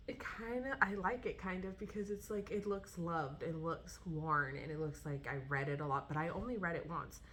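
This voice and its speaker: A woman in her thirties talks casually with a low-pitched voice. She rambles, stops and restarts, and fills her pauses with um and like. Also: a bit bright. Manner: rambling, with many fillers and restarts. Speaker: vlogger talking about books. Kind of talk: casual chat.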